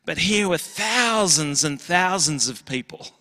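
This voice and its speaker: A man's voice: fairly high pitch, lively intonation, a little slow, pushed and bright, in a large hall. A man preaching a sermon as pastor, earnest and emphatic, with little acted asides.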